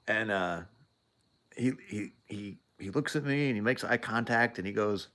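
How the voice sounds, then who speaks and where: A man's voice: fairly low pitch, normal speed, fairly bright tone. A man hosting a show, telling a story casually, rambling with frequent laughs and restarts. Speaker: show host.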